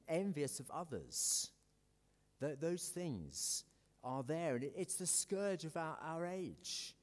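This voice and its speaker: A man with an English accent preaching a sermon in a conversational, self-deprecating way, with many fillers and restarts. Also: mid-range voice. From South Africa. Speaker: pastor. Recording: echoey hall with long reverb.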